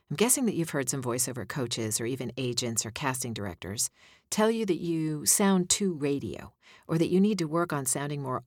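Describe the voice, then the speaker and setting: Low-voiced woman coaching voiceover. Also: dry recording, clean studio sound. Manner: conversational, demonstrates line reads. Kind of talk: instructional voiceover tips.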